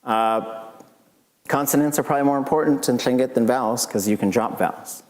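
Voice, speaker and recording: A man giving a casual lecture as a language professor, relaxed and chatty, with joking asides and lively jumps in pitch. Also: a little fast. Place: lecture hall. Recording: long reverb of a lecture hall.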